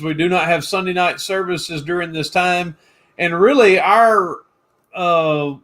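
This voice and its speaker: A man with a high voice and a drawl, chatting on a casual livestream. He talks like a preacher: loud, projecting and folksy, greeting viewers one by one. His tone is easygoing and informal. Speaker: pastor and co-host of a reseller livestream.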